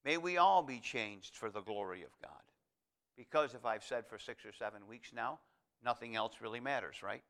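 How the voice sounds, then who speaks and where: A male pastor preaching a folksy, digressive sermon, reading scripture aloud and swinging between quiet asides and loud emphatic lines. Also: mid-range voice, moderate pace.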